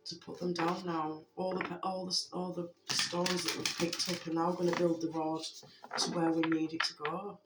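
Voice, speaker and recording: A spiritual message giver speaking to viewers in a heartfelt way, gently repeating reassurances with many fillers. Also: mid-range voice, heavy background noise. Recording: roomy echo with faint background music.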